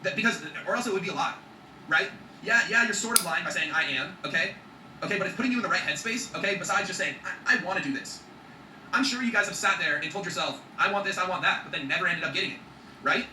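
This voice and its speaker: A man's voice: sits high, fast, echoey room, distant mic, noisy background. A man talking in an emphatic motivational vlog, swearing freely and checking in with his viewers. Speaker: vlogger.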